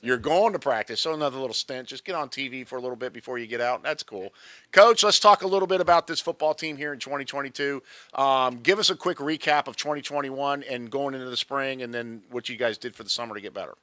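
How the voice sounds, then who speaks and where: A man interviewing a coach and players at a sports media day, chatty and joking with quick follow-up questions. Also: medium pitch, bright, forceful tone, dry recording.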